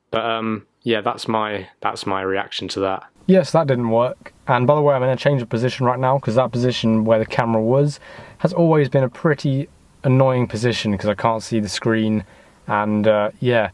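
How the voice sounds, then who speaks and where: A man's voice: medium pitch, no room sound. A young man from the United Kingdom, chatting casually and self-deprecatingly in a vlog, rambling with fillers. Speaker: vlogger. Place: in a car and outdoors by a house.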